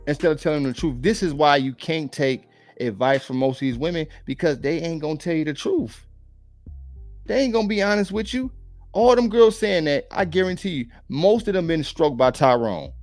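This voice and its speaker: A man's voice: fairly high pitch, a little mellow, no echo. A man giving casual reaction commentary on dating, blunt and preachy, full of slang.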